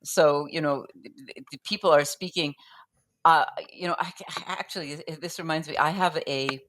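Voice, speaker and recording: A woman guest explaining poetry in relaxed conversation, thinking aloud with frequent restarts and sounding out rhythms as da-dum. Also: low-pitched, moderate pace, slight background noise. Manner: thoughtful, with frequent restarts and fillers.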